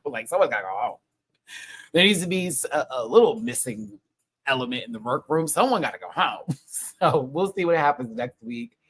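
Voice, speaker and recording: A young man chatting casually on a live stream review, excitable and swearing often. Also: medium pitch, breathy edge, rough recording.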